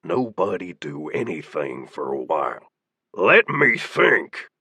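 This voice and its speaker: A man voicing a stern, commanding bearded gang leader who barks orders and shouts, in a dry, husky audiobook read. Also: deep voice, very animated, slow pace, no room sound, voice pushed down, heavily acted. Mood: wary.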